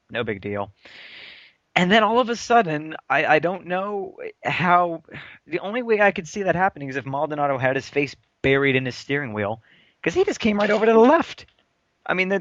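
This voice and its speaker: A man from the United States co-hosting a casual motorsport podcast, talking in an animated, opinionated way with frequent restarts. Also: mid-range voice, no echo. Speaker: podcast co-host. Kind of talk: casual chat. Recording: muffled, dry lo-fi.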